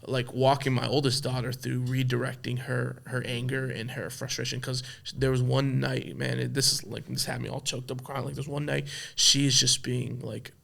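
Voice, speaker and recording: A man's voice: medium pitch, level tone, normal speed, gravelly, hardly any pauses, fairly bright tone. A man in his thirties, a podcast guest, telling a personal story in a candid, heartfelt way, with lots of "like" and "right". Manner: heartfelt, many fillers like "like" and "right".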